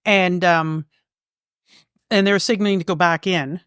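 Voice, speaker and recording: A woman's voice: on the low side, fairly even intonation, measured pace, a bit bright, clear, resonant tone, no echo, studio quality. A Canadian woman co-hosting a podcast, telling farm stories in a casual, rambling way with lots of fillers and restarts. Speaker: podcast co-host. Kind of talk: casual storytelling chat. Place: local museum.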